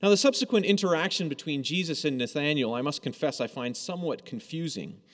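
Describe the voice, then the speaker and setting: A man's voice: on the high side, expressive, a little fast, fairly bright tone. A man preaching a sermon in a conversational, storytelling way, acting out quoted lines as he goes. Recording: long hall reverb.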